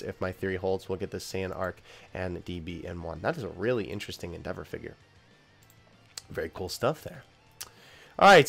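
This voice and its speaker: A young man hosting a casual commentary video, reacting to each item with quick laughs and sudden excited exclamations. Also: lowish voice, vocal fry. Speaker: YouTube host covering figure news. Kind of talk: casual commentary while reading news.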